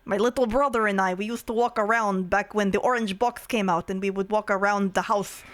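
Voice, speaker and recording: A woman's voice: mid-range voice, fairly even intonation, brisk. A woman streaming casually, playful and giggly, trying out silly voices between chatting with viewers.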